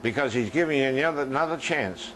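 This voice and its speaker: A man's voice: mid-range voice, animated, fast talker, fairly bright tone, slight background noise, poor audio. A man preaching a sermon in a conversational style that rises into emphatic, questioning passages.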